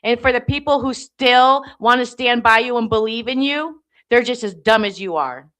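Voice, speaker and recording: A woman's voice: a little high, moderate pace, fairly bright tone. A woman from the United States ranting angrily on a livestream, swearing and confrontational. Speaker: livestream guest. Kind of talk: angry rant on a livestream.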